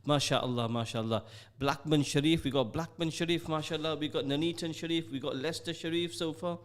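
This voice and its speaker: A man's voice: fairly high pitch, normal speed, fairly bright tone, smooth. A middle-aged man hosting a live radio show, chatty and jokey, reading out listener messages from the studio. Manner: chatty, upbeat, jokey, sprinkles Arabic phrases. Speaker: radio host.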